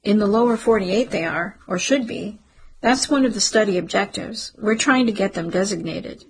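A woman reading the part of an earnest man who works as a wildlife biologist, her voice husky and breathy, close to her own. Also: mid-range voice, moderate pace, poor audio.

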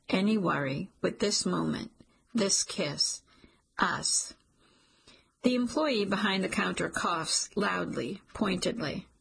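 A woman's voice: lowish voice, vocal fry, fairly bright tone, husky, rough recording. A woman narrating a romance audiobook in first person, intimate and emotional.

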